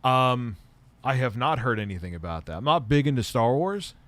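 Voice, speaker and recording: A man's voice: mid-range voice, expressive, moderate pace, fairly bright tone, no room sound. A man hosting a livestream, answering viewer questions in a blunt, offhand way and swearing often. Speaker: livestream host.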